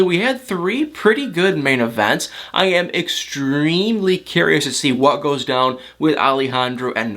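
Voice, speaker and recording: A man with a slightly higher voice recaps reality TV in a loose, casual vlog. He talks in a chatty, emotional way, piling on fillers and repeating himself as he goes. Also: fairly bright tone. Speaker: reality TV commentator.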